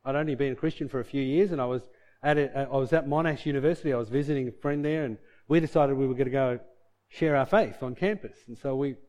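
A man's voice: mid-range voice, fast talker, a little mellow. A man preaching a sermon, reading scripture and telling a personal story in an earnest, conversational way. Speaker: pastor.

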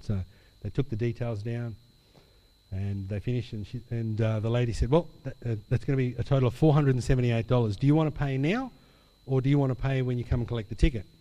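Brief: male pastor, mid pitch, lively sermon storyteller, big hall reverb. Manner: animated storyteller acting out dialogue.

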